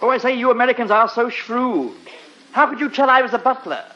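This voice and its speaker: A prim English butler. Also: male voice, extremely high pitch, lively intonation, fairly quick, bright, forceful tone, full character voice. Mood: polite, dry. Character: fussy English butler, polite and dry-witted. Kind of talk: 1940s radio acting. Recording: muffled old radio recording with hiss.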